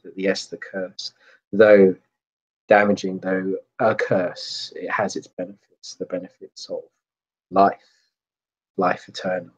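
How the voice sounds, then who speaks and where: A man narrating a tabletop role-playing game as game master, pausing and searching for words. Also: lowish voice, husky. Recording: dull lo-fi sound.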